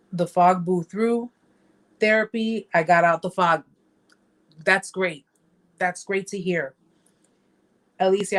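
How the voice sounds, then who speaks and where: A woman hosting a casual live-stream chat. She reads viewer comments aloud, talks straight to her viewers, and repeats phrases for emphasis. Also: fairly low pitch.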